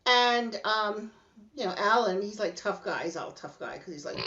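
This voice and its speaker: A woman's voice: medium pitch, normal speed. A woman hosting a podcast, telling a story in casual chat and acting out what people said. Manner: animated, acts out quotes in shifting voices. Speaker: podcast host. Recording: dull lo-fi sound.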